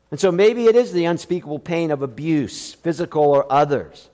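A man's voice: fairly high pitch, brisk, a little mellow, long reverb tail. A man preaching a sermon as a pastor, emphatic, with many rhetorical questions.

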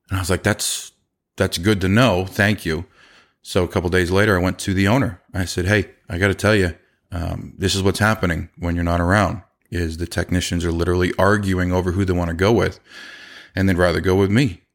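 A man's voice: low-pitched, steady tone, quick pace. A middle-aged man hosting a podcast, casually telling stories about his employees, acting out their quoted dialogue and laughing often. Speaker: podcast host and business owner. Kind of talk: casual storytelling.

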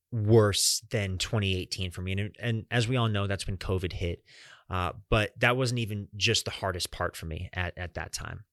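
A man's voice: fairly low pitch, a bit bright, dry recording, studio quality. A young man hosting a podcast, earnestly telling a personal story straight to his listeners and swearing casually. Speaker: podcast host.

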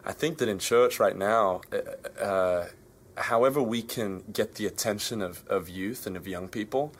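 Urgent low-voiced Australian man. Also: moderate pace, slight background noise. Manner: urgent, repeating his points. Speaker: musician guest. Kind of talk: backstage interview answer. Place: backstage at a concert venue.

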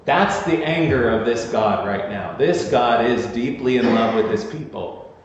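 A man's voice: medium pitch, expressive, unhurried, a little hiss or hum. A male pastor giving a sermon, earnest and conversational, with emphatic repetition. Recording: echoey church hall, slightly dull sound.

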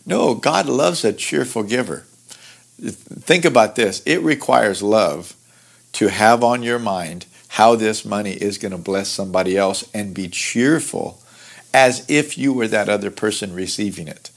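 A man teaching through a Bible passage in an earnest, conversational way, explaining verses with lively asides. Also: fairly low pitch, measured pace, gravelly. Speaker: pastor teaching Bible study.

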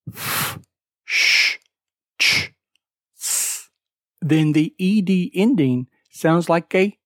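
An English pronunciation teacher hosting a podcast lesson, explaining slowly and deliberately with emphatic word stress and spelling out web addresses letter by letter. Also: medium pitch, no echo, clean studio sound.

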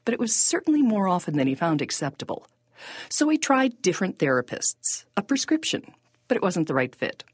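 A woman narrating a podcast in a measured, scripted storytelling voice. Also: medium pitch, sing-song, husky, no room sound, studio quality.

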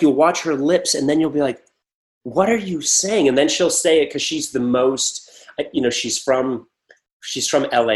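A man being interviewed about his acting work, talking casually and rambling into lively stories with acted-out quotes. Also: medium pitch. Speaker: actor guest.

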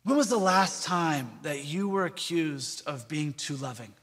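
A man's voice: on the high side, lively intonation, unhurried, a bit bright, slightly rough, long reverb tail. A man preaching a sermon, earnest, with rhetorical questions and repeated phrases. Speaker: pastor.

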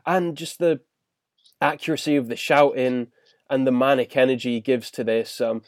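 Male podcast host, mid pitch, dry sound, eager recap, filler words. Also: steady tone, normal speed, no echo. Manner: enthusiastic recapping, filler-heavy. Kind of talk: casual episode review.

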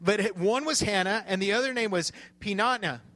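A man's voice: high-pitched, a little fast, sharp tone, no room sound. A man preaching a sermon, retelling a scripture story in a conversational way and often checking that his listeners are following. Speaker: pastor.

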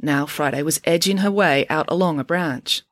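A woman narrating a children's adventure book in an expressive storytelling manner. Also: low voice, normal speed, no room sound, clean studio sound. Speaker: audiobook narrator.

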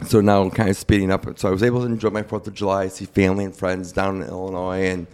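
A man's voice: sits low, flat delivery, fast, a little mellow. A young man speaking candidly and plainly in a casual interview, recounting his own experience. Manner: candid, plain-spoken, quotes others in his retelling. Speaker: guest sharing his cancer story.

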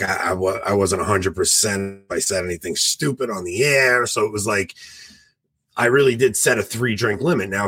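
A man in his forties co-hosting a podcast, telling stories in a lively, animated way and acting out what people said. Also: fairly low pitch, breathy edge, no room sound. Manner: animated storyteller, acts out quoted voices. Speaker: podcast co-host. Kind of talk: casual chat.

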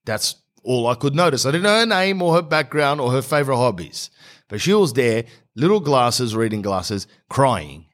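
A man's voice: mid-range voice, sing-song, normal speed. A man, telling rambling, sarcastic comic stories in a blunt way. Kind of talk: comic storytelling monologue.

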